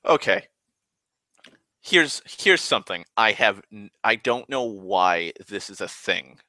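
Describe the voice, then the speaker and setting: A man's voice: fairly low pitch, lively intonation, slow pace, bright, forceful tone, no room sound. A man rambling in a casual, profane monologue, ranting and complaining at length. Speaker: vlogger.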